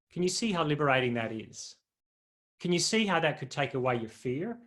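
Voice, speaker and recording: A man's voice: fairly high pitch, sing-song, brisk, fairly bright tone. A man preaching a sermon in a conversational, humorous way, often putting questions to his listeners.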